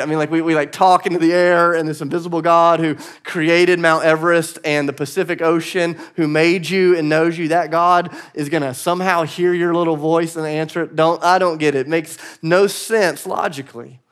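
A man in his thirties preaches a sermon in a high, light voice. He talks in a conversational, animated way and slips in playful asides. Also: a little fast, few pauses, clean tone. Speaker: pastor. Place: church stage.

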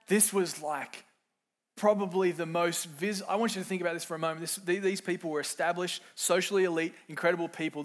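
This middle-aged man is a pastor with a high-pitched voice, preaching in a way that swings between hushed reflection and loud emphasis. He performs the quoted voices in his sermon.

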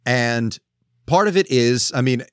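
A man's voice: mid-range voice, measured pace, clean tone, no echo, clean studio sound. A man hosting a podcast, chatting casually and making joking asides. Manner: lively, joking interjections. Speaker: podcast host. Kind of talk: casual chat.

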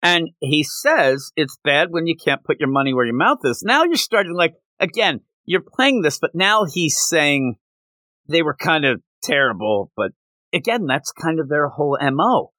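A man co-hosts a casual podcast, talking through a comic chapter with lots of swing in his voice. His tone is bright and forceful. The sound is dry and close, with no room around it. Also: normal speed, no room sound, rough recording. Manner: animated, jumps in pitch when quoting characters. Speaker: podcast co-host. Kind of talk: casual podcast chat recapping a manga chapter.

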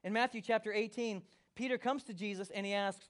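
A male pastor preaching a sermon, swinging from hushed to loud and acting out quotes. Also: high-pitched, fairly even intonation, brisk, few pauses.

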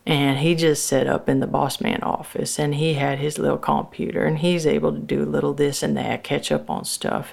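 A woman's voice: sits low, gravelly, a little mellow, full character voice. A woman telling, as a worker's wife, a rambling story in folksy rural dialect, as a dramatic monologue.

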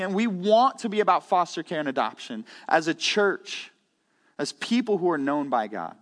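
A man's voice: a little high, big pitch swings, normal speed, a bit bright, in a large hall. A man preaching a conversational sermon in a church, earnest and candid, often repeating words as he goes. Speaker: pastor. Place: church sanctuary.

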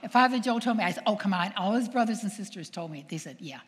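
Older woman, nun giving a talk; animated storyteller who acts out quotes, mid pitch, long hall echo. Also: fast. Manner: animated, acts out quoted voices, asks the audience questions. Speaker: nun and speaker.

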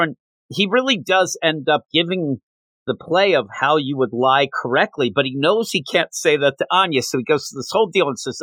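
Male podcast co-host, animated, breaks into character voices. Bright tone, dead-dry sound. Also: on the high side, no echo. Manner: animated, quotes characters in quick put-on voices. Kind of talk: casual manga discussion.

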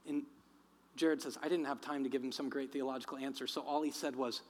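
A man preaching a sermon, telling a story with acted-out voices and then speaking quietly and earnestly. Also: medium pitch, fairly even intonation, a little fast. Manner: acts out quoted voices, then drops to quiet earnest reflection. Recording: long hall reverb.

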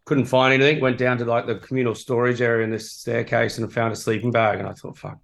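A man's voice: mid-range voice, little pitch movement, fast, creaky, fairly bright tone. A man and former rugby player, telling a story in casual podcast chat, rambling and self-mocking with easy laughs, over a remote call.

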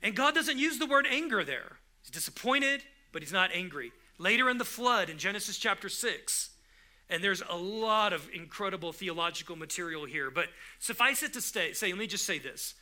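Bright, high-voiced male preacher. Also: expressive, normal speed. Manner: conversational preaching with frequent restarts, rising to emphatic bursts. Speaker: pastor. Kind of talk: sermon.

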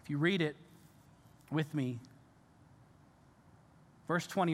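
A male pastor preaching a sermon, earnest and animated, with casual fillers and restarts. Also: fairly high pitch, slow pace, long pauses. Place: church sanctuary. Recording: church hall reverb.

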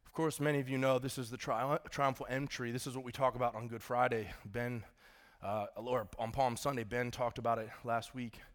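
A man's voice: mid-range voice, steady tone, fairly quick, few pauses. A man, a pastor giving a sermon in a church auditorium, casual and joking with the congregation.

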